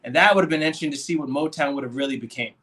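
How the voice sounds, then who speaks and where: Man, high voice, casual film chat, animated, acts out quotes. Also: very fast, background noise. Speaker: podcast co-host. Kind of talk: casual movie discussion.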